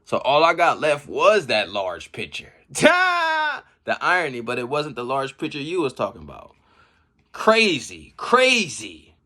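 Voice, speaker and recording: A man giving casual, slangy commentary on rap battle bars. He reacts with laughs and shouts as he explains each line. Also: mid-range voice, huge pitch swings, unhurried. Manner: slangy street talk. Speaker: battle rap breakdown host.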